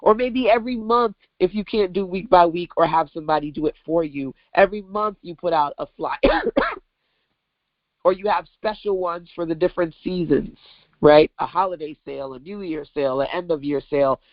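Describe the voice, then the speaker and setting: A woman from Brooklyn hosting an online business workshop, coaching with animated, emphatic rhetorical questions over a video call mic. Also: lowish voice, moderate pace, no echo, highs cut off. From Brooklyn, New York.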